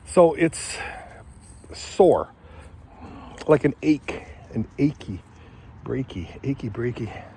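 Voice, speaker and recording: An older man from Michigan wanders around his yard and horse stalls, chatting in a loose, meandering way. He drifts between thoughts and talks to his pets as he goes. His voice sits at a middling pitch, caught on a phone outdoors with faint ambient sound behind it. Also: expressive, slow, long pauses, mellow, slight background noise. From Michigan, USA. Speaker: vlogger. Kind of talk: rambling casual vlog.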